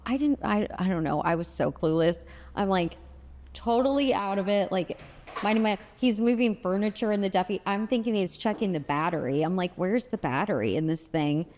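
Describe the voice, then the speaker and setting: A woman chatting as a podcast guest, telling a story with lots of fillers and acting out quoted lines in a brighter voice. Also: big-room sound. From United States (Bay Area). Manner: chatty, filler-heavy, acts out quoted dialogue in a higher voice. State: had lost her voice at the time told, not now. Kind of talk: candid storytelling chat.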